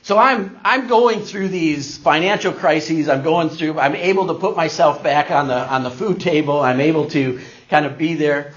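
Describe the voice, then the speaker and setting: Middle-aged guy telling a story on stage, kinda high voice, doing the voices, muffled recording. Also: normal speed. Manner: animated storyteller acting out quoted voices. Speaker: speaker giving a talk. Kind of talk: storytelling talk to an audience. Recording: dull lo-fi recording.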